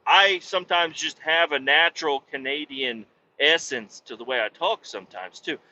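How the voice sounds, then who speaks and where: A man with a fairly high, sharp voice talks at normal speed, with a little hiss or hum in the background. Hosting a casual solo podcast from his home setup in Missouri, he delivers a loose, rambling, profane monologue, often cutting himself off mid-sentence. The lo-fi recording sounds dull.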